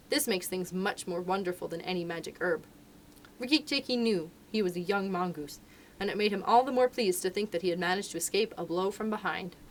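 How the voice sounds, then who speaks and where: Expressive woman reading a storybook aloud. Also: mid-range voice, a little hiss or hum. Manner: expressive, lively narration. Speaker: children's librarian.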